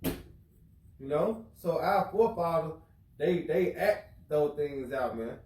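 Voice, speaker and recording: A man's voice: a little high, expressive, takes it slowly, darkish tone, roomy sound, distant mic, low-quality recording. A man teaching in an informal religious lesson, casual, who keeps asking listeners if they follow him. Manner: casual, keeps asking "you know what I'm saying?".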